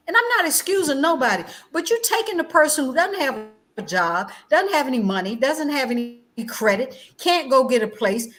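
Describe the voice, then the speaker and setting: A middle-aged woman, formerly a chaplain and now a guest educator, tells stories passionately and conversationally over a video call. She is insistent and animated at a moderate pace, repeating phrases and swinging between loud outbursts and quiet, low stretches.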